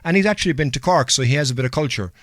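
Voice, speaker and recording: A man's voice: a little high, animated, very fast, fairly bright tone, no room sound. A man hosting a podcast in casual, rambling chat. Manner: rambling, filler-heavy, chatty. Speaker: podcast host.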